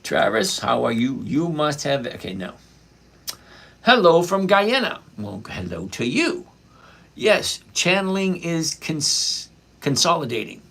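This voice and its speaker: A man's voice: a little high, sing-song, slow, gravelly, a bit bright, husky. A middle-aged man hosting a casual live stock-trading stream, greeting viewers by name and answering their questions. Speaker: livestream host reading chat.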